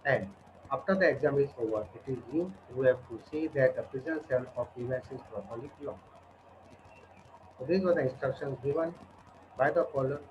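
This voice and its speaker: A male teacher retells a story to his students in a conversational storytelling lesson, checking in with them as he goes. His medium-pitched voice is a little fast. The recording is dull and lo-fi, with slight background noise and pigeons cooing.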